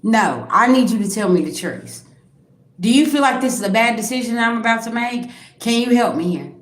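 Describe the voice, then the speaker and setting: A woman's voice: a little high, animated, fairly quick, echoey room. A woman, giving a blunt, profane psychic reading on a live stream and talking straight to viewers. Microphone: own microphone.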